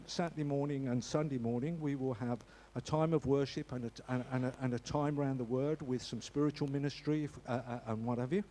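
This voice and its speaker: A man with a slightly high, warm voice gives an informal church notice. He's chatty and jokey, frequently restarting sentences and stumbling over his words.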